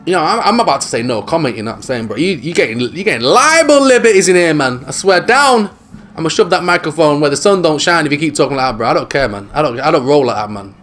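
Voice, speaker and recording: A man's voice: on the high side, very animated, fast talker, fairly bright tone. A man voicing a brash male footballer giving a post-match interview, cocky and slangy. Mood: indignant. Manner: cocky, slangy, says "man" and "bro" a lot.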